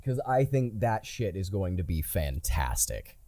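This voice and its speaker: A man in relaxed podcast chat who sets up jokes and swears casually. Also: low voice, a little slow, dry recording.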